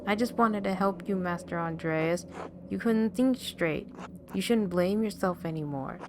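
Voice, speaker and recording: A woman's voice: mid-range voice, a little slow, background noise, lightly acted. A woman reading a loyal young apprentice. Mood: devoted. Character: loyal young male apprentice, devoted and soft. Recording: game music behind.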